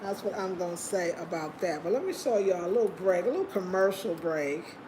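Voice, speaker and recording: Chatty, expressive woman vlogger. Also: fairly low pitch, brisk, noisy background. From United States. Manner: expressive, chatty, emphatic, laughs often. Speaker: vlog host. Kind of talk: casual vlog chat.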